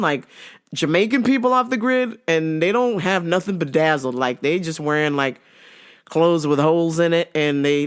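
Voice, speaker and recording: A woman hosting a podcast, telling a work story in a blunt, profane, casual comedic way. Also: low voice. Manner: blunt, profane, laughs often. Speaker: podcast host.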